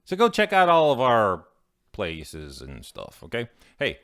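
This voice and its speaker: A man's voice: lowish voice, huge pitch swings, measured pace, a bit bright. A man co-hosting a casual podcast, joking and playful, with mock announcer flourishes. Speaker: podcast co-host. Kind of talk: casual chat. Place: home podcast studio.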